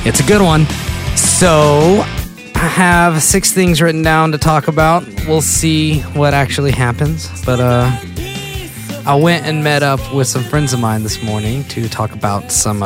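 A man's voice: mid-range voice, steady tone, measured pace, over music. A man hosting a casual solo podcast, telling loose stories and interrupting himself often. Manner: rambling, self-interrupting storyteller. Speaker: podcast host.

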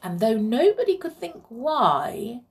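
Slow, gentle woman reading a children's story. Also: on the high side. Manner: gentle, expressive and chatty with listeners.

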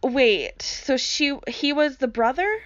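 A woman's voice: high-pitched, very animated, slow, fairly bright tone. Laughing woman podcaster, lo-fi sound. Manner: laughs often, swears casually. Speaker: podcast co-host. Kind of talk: casual chat. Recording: dull lo-fi sound.

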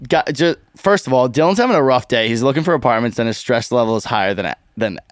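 A young man hosting a casual podcast chat, telling a story in an animated way, laughing often and swearing freely. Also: medium pitch, fast, no room sound, studio quality. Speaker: podcast host.

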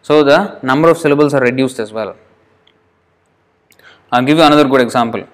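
A man teaching Sanskrit pronunciation to a class, patient and repetitive, drawing words out slowly to demonstrate them. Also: medium pitch. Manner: patient, repeats words slowly to show how they sound.

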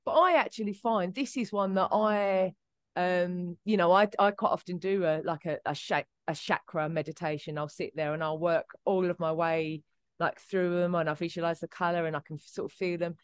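Chatty woman with a lowish voice. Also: fairly even intonation, moderate pace, clean tone, no echo. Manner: chatty, many fillers and restarts. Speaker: podcast co-host. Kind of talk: casual chat.

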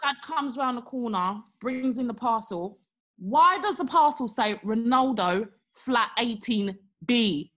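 A woman's voice: fairly high pitch, unhurried. A young woman, co-hosting a podcast and telling a story in casual chat, acting out the people she quotes. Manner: animated, acts out quotes with exaggerated voices. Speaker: podcast co-host.

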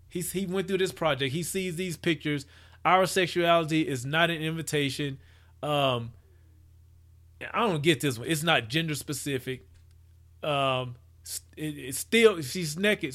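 A man's voice: fairly high pitch, a bit bright. A man giving rambling, casual commentary as he reacts to a photo project, with many restarts and hypotheticals. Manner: acts out quoted people in his voice.

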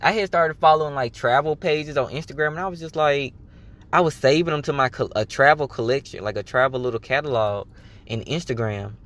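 On his own podcast, a man talks casually and candidly about his life in a personal monologue, swearing freely and animatedly acting out what he told himself. His voice is medium-pitched and brisk.

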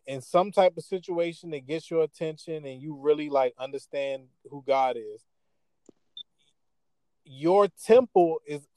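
A man's voice: a little high, darkish tone, dry recording. A man hosting a faith talk show, speaking earnestly in a sermon-like way. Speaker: host. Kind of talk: preaching-style talk.

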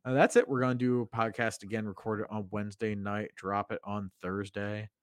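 A man's voice: lowish voice, little pitch movement, brisk, dry recording, clean studio sound. A man co-hosting a podcast in casual chat, laid-back and jokey, with frequent um and uh. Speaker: podcast co-host.

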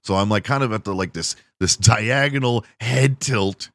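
A man's voice: on the low side, moderate pace, dry recording. A man hosting a podcast, telling crude, self-mocking stories in a casual monologue. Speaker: podcast host.

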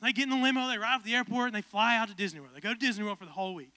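Young guy preaching, tells a story then gets fired up, really high bright voice. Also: racing, no echo. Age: 20s. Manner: casual, animated storytelling building to fervent preaching. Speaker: pastor. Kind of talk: storytelling sermon.

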